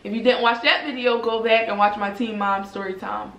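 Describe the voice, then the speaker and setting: A young woman vlogger telling a personal story to viewers in a casual, animated way, full of swearing and "y'all". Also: mid-range voice, fairly quick, lo-fi sound. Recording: roomy echoey room.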